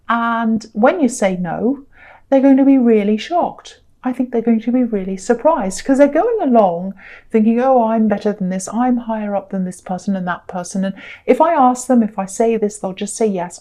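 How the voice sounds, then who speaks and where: Gentle tarot reader woman, mellow voice. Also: a little high. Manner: gentle, reassuring, hesitant with many ums. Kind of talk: tarot reading monologue.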